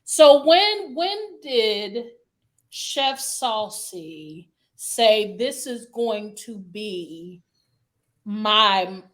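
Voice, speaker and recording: A woman's voice: medium pitch, lively intonation, drawn-out words. A woman hosting a casual interview, asking questions and reacting with encouraging exclamations. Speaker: host.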